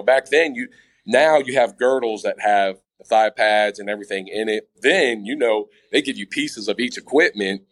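A man's voice: medium pitch, rough recording. A man being interviewed, telling a personal story in casual chat, often restarting his sentences and talking straight to the listeners. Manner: stammering restarts, addresses listeners as guys. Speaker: interview guest.

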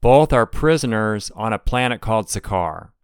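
A middle-aged man hosting a devotional podcast, explaining things in an earnest, steady way. His voice is smooth and resonant, recorded dry and close with no room sound. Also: on the low side, moderate pace, dry recording. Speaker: podcast host.

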